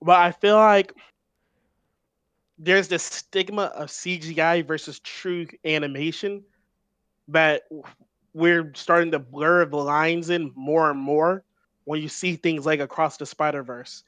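A man's voice: on the high side, steady tone, measured pace, a bit bright, clean tone, dry recording. A man co-hosting a casual film podcast, explaining his views thoughtfully and restarting phrases often. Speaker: podcast co-host.

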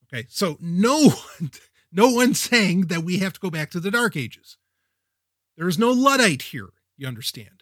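Male podcast host, middle-aged, high-pitched, quick-witted, rambling, self-interrupting, close mic. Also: dry recording. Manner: energetic, wisecracking, self-interrupting. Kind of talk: casual tech podcast monologue.

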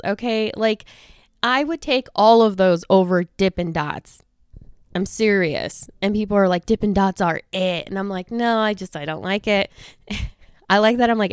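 A young woman with a fairly low, clean voice hosts a podcast in casual chat, rambling with plenty of fillers and restarts. Speaking close to a studio microphone with no echo, she sounds a little out of breath.

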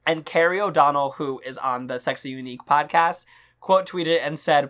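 A woman's voice: deep voice, measured pace, a bit bright. A young woman co-hosting a podcast, chatting casually about movies with lots of fillers and frequent laughter. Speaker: podcast co-host.

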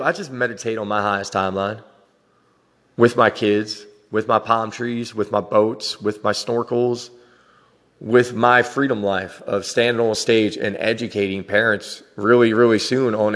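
A man's voice: fairly low pitch, steady tone, normal speed, fairly bright tone, big-room sound. A man hosting a podcast, talking in a frank, profane, rambling personal monologue. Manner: frank and profane, with frequent laughs. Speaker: podcast host.

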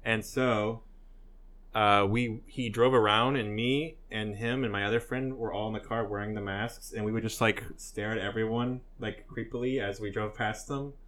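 A man's voice: on the low side, steady tone, moderate pace, fairly bright tone. A young man hosting a casual podcast, telling prank stories loosely with a lot of swearing and frequent laughter. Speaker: podcast host. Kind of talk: casual chat.

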